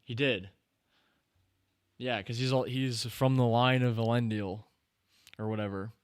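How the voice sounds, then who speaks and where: A man hosting a live stream, chatting casually and reacting excitedly to the screen and his chat. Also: mid-range voice, measured pace, clear, resonant tone, no echo, clean studio sound. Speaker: streamer host.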